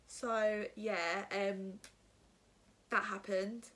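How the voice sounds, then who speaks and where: A young woman tells her viewers a story in a loose, chatty way. She rambles and fills her sentences with fillers, and her voice sits in a middling pitch. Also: level tone, very slow, fairly bright tone. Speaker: vlogger. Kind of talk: casual storytime.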